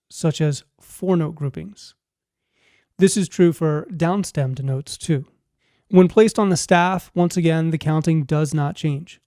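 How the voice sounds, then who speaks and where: A man explains rhythm notation in a clear, measured teaching voice. His tone is mellow and sits a little high. The recording is dry and close, with no room sound. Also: no room sound. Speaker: music teacher. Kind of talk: scripted instructional narration.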